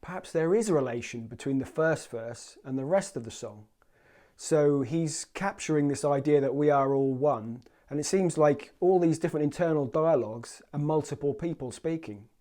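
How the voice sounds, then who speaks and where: A man hosting a poetry channel, giving scripted commentary on song lyrics and reciting them in a measured way. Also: fairly high pitch, warm tone. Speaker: host.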